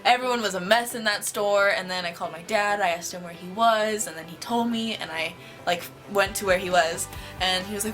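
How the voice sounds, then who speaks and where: A woman vlogger telling a story to camera in an excited, gushing way, with lots of "like". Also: mid-range voice, fairly quick, music in the background.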